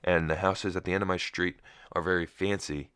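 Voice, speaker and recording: A man's voice: low voice, little pitch movement, fairly quick, fairly bright tone, clear, resonant tone, no room sound, studio quality. A young man hosting a solo podcast, groggy and just woken up with a cracking voice, telling a rambling story with wry asides. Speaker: podcast host.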